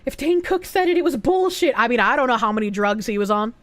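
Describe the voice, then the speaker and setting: A woman's voice: fairly high pitch, animated, fast talker, no echo. A young adult woman streaming live, chatting casually in a rambling, profane way and reading out donations.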